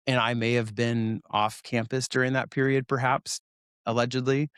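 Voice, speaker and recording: A man's voice: medium pitch, steady tone, normal speed, a bit bright, clear, resonant tone, no room sound, clean studio sound. A man in his forties from Oregon, telling stories from his school years as an interview guest, joking at his own expense and laughing as he talks. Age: 40s. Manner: self-deprecating, laughs while telling stories. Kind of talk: casual storytelling interview.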